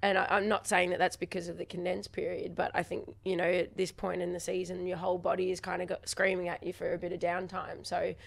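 A woman's voice: lowish voice, flat delivery, quick pace, vocal fry, few pauses. A young woman, co-hosting a casual football chat in a chatty, playful way. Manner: chatty, playful, laughs a lot. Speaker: co-host, footballer.

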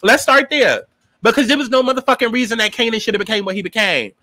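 New man, late twenties, high bright voice, dry close sound, sassy and profane TV review. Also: quick pace, no room sound. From New York. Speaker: TV show reviewer. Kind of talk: casual commentary.

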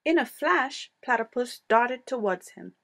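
Woman storyteller, lively picture-book read-aloud. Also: fairly high pitch, measured pace, gravelly. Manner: expressive, playful read-aloud delivery.

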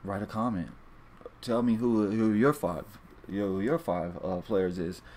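A man's voice: fairly low pitch, measured pace, a little mellow, a little hiss or hum. Rambling, profane man talking straight to viewers. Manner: rambling, profane, repeats and restarts a lot. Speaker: fantasy sports video host. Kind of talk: casual monologue to viewers.

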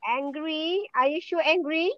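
Brief: high, unhurried Malaysian woman teaching over a dull, dry video call; patient, repeats herself. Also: no room sound. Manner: patient, repeats words and names often. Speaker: English teacher. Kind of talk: online class roll call and vocabulary quiz.

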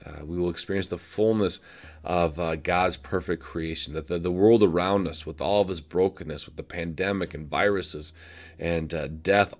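A man, a pastor giving a short video devotion in a folksy way, with many filler "uh"s. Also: deep voice. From United States. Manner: folksy, many filler "uh"s, chuckles at own jokes.

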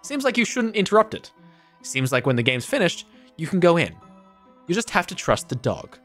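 A man's voice: on the high side, very animated, normal speed, soft background music. A young man playing a video game, reading its text aloud and putting on voices for the characters in casual chat. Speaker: gameplay streamer. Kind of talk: let's play with read-aloud dialogue.

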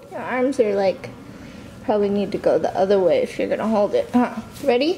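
A woman vlogging at home, talking to her baby son in a high, sing-song baby-talk voice. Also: expressive, fairly quick, warm tone, a little hiss or hum. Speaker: mother and vlogger. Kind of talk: casual home vlog.

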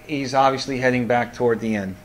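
A man's voice: medium pitch, fairly even intonation, fast, a little hiss or hum. A man narrating as game master of a tabletop game, often repeating words as he goes.

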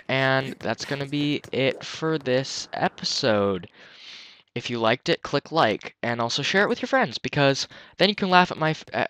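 A man's voice: mid-range voice, fairly bright tone. Chatty young man doing game commentary. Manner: casual, joking, chatty. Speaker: let's play commentator.

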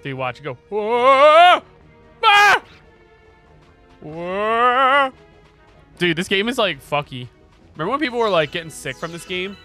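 A young man commenting on a video game as he plays, excitable and prone to loud, swearing outbursts. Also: a little high, quick pace. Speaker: gaming streamer. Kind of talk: let's play commentary. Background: game music.

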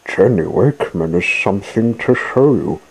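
A man's voice: fairly low pitch, animated, normal speed, darkish tone, breathy edge, rough recording. A man voicing a welcoming male ferry boat in a children's story. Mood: friendly.

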